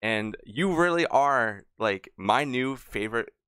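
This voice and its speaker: A man's voice: mid-range voice, animated, takes it slowly, a bit bright, clear, resonant tone, no room sound, studio quality. A man hosting a podcast interview, asking long, casual, rambling questions. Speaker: podcast host.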